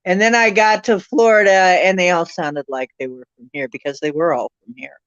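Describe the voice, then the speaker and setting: A woman hosts a casual online show, rambling warmly and effusively to her viewers. Her voice sits low and smooth, close and dry on a muffled, lo-fi stream. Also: fairly even intonation, moderate pace, dry recording. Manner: effusive, rambling, spiritual talk. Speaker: host. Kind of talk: casual livestream chat. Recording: muffled lo-fi audio.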